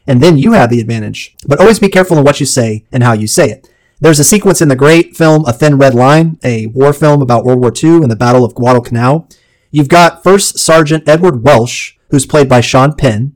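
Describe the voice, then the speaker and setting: A man hosting a solo advice podcast, talking in a measured, deliberate way with playful, jokey asides. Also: fairly high pitch, low-quality recording. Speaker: podcast host.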